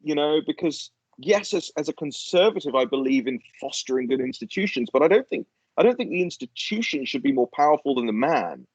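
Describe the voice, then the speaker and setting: A man's voice: fairly high pitch, sing-song, brisk, few pauses, breathy edge, dry recording, muffled recording. A man as a guest in a casual political chat, ranting animatedly and swearing freely.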